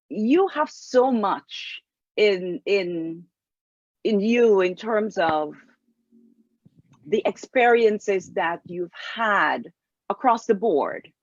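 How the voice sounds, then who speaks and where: A woman hosting an interview, asking careful, deliberate questions. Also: medium pitch, no room sound. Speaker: interview host. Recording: dull lo-fi recording.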